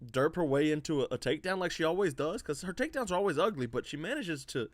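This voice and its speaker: A man hosting a relaxed livestream, his pitch swinging up and down as he jokes and laughs. His voice sounds close and dry, with no room echo around it, like a home computer mic on a video call. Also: fast talker. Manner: laughs often, animated, slangy. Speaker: podcast host. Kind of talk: casual livestream chat.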